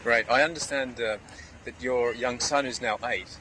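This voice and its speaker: A man's voice: mid-range voice, fairly even intonation, moderate pace. A male interviewer asking friendly questions, recorded outdoors near traffic. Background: street and car noise.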